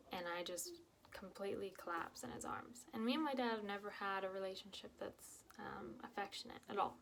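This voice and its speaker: A young woman telling her own painful story to camera, halting and emotional, with many fillers and restarts, dropping to a whisper at the hardest parts. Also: mid-range voice, vocal fry. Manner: drops to whispers at painful moments.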